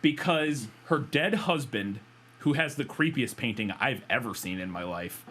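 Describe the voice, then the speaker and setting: A man's voice: mid-range voice, expressive, moderate pace, noisy background. A man co-hosting a podcast, chatting loosely about a bad movie, rambling, laughing and swearing freely. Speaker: podcast co-host. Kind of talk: casual chat reviewing a film.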